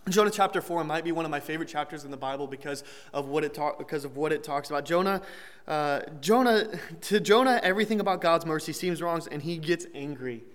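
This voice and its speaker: A man's voice: a little high, quick pace, fairly bright tone. A young man giving a conversational sermon, joking lightly and restarting his sentences as he explains a Bible passage. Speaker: preacher. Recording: long hall reverb.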